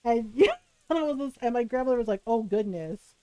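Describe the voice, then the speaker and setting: A woman streamer telling a story in casual chat, animated, often tagging lines with "right?" and laughing. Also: on the high side, fast talker, noisy background.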